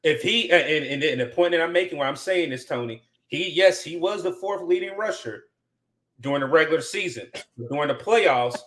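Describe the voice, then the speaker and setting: A man's voice: on the high side, animated, fairly quick, a bit bright. A man co-hosting a casual sports chat, playful and emphatic. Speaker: podcast co-host.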